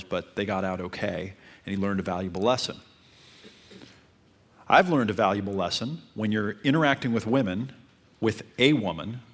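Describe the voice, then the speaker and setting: A man with a fairly low voice gives dating advice. He speaks calmly and steadily. He keeps circling back to the same points. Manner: calm, repetitive advice-giving. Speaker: dating coach. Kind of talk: coaching talk.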